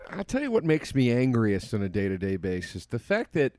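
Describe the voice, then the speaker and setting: Man ranting with lively pitch swings. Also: brisk, no room sound, studio quality. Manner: ranting, profane, bleak. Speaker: podcast co-host. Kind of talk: casual chat.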